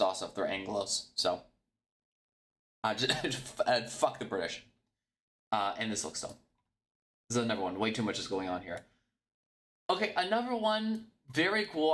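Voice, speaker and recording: Blunt, animated guy streaming. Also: mid-range voice. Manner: blunt, profane, mocking, thinking aloud. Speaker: streamer ranking football club logos. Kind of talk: casual solo commentary.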